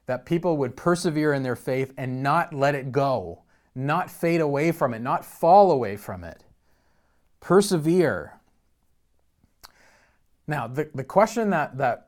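Teaching through a passage in a conversational sermon, this medium-pitched pastor stumbles over words and restarts them. He slows down whenever he wants to stress a key point.

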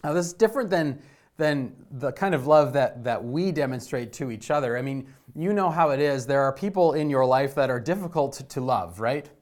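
A middle-aged man preaching a sermon as a pastor, telling stories with swings between emphatic lines and hushed ones. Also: mid-range voice, expressive, a little fast.

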